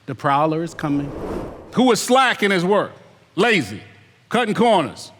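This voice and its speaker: A man's voice: a little high, big pitch swings, normal speed, a bit bright, big-room sound, slight background noise. A man preaching a sermon, scolding the congregation and mocking their excuses in whiny voices. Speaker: pastor.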